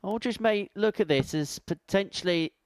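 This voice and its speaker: Smooth-voiced male darts commentator. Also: sits high, normal speed, dry recording. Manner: wry, conversational play-by-play. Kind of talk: sports commentary.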